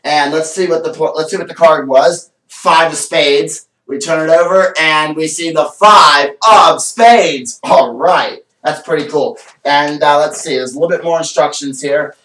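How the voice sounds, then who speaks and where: An enthusiastic man presents a card trick with stage patter and then chats about it at length. His voice sits a little high. He sounds a bit away from the mic, in a room with a noticeable echo. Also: steady tone, normal speed, few pauses, recorded from a distance. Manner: enthusiastic, rambling, showman patter. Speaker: magician. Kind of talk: performing a card trick then casual vlog chat.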